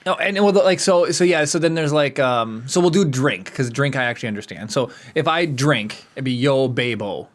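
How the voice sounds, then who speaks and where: A man co-hosting a podcast in casual chat, animated and laughing often. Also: medium pitch, moderate pace, hardly any pauses. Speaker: podcast co-host.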